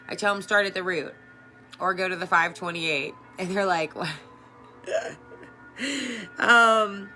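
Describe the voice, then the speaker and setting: Bright-voiced woman giving casual life advice. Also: mid-range voice. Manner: earnest and chatty, swears casually, laughs often. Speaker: energy worker and life coach. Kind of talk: casual motivational talk to camera.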